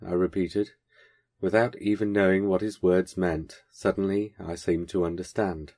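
A man reading a first-person short story aloud in a measured, wry storytelling manner. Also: low-pitched, fairly even intonation, darkish tone. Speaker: podcast host reading a story.

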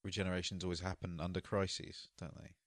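A man's voice: sits low, little pitch movement, quick pace, no echo, clean studio sound. A man co-hosting a podcast, chatting in a playful, jokey way. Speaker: podcast co-host. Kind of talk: casual podcast chat.

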